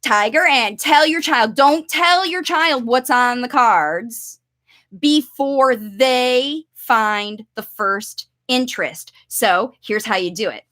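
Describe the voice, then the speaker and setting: A woman coaching parents in an instructional video, talking them through a play demonstration and acting out excited voices for a child. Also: a little high.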